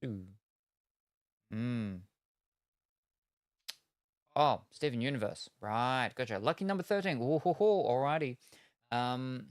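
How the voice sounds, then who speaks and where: A man's voice: medium pitch, dry recording. This is a man in the middle of a laid-back card-opening stream, talking in loose, wandering retellings that circle back on themselves. His voice sits in an ordinary middle register. The sound is close and dry, with no room around it. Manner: rambling, meandering retelling with many hedges. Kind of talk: casual chat while opening cards.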